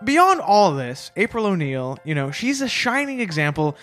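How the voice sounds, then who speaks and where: A man co-hosting a comedy podcast, delivering mock-earnest tributes with deadpan timing in casual banter. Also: sits high, normal speed, soft background music. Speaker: podcast co-host.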